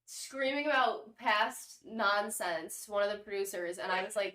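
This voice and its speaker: A woman's voice: mid-range voice, fairly bright tone. A young woman co-hosting a podcast, chatting with enthusiasm in a casual recap. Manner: chatty, enthusiastic, quick to laugh. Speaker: podcast co-host. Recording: echoey room.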